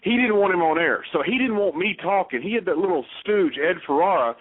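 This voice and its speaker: A man's voice: sits high, lively intonation, a little fast. A man with a Southern US accent, a guest telling stories bluntly in a casual interview. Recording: tinny phone line.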